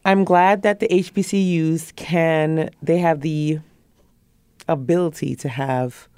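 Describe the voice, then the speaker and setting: A podcast co-host talks through the week's news in a thoughtful, searching way. The voice is gravelly and warm, and the recording is dry and close. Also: mid-range voice, steady tone, slow pace, no echo.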